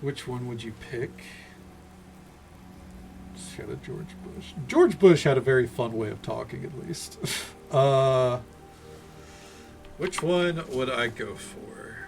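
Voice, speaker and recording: A man's voice: mid-range voice, animated, takes it slowly, gravelly, pauses often, faint music behind. A man streaming a video game, chatting casually and rambling, with frequent cursing and restarts. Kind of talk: casual gaming commentary.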